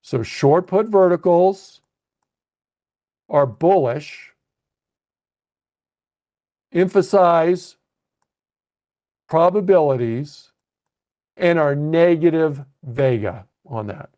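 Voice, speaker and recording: High-voiced man coaching options trades. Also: extremely slow, pauses often, mellow. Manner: explanatory, thinks aloud with restarts and checks like "okay?". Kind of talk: live webcast lesson walking through trades on screen. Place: at a computer narrating a screen share.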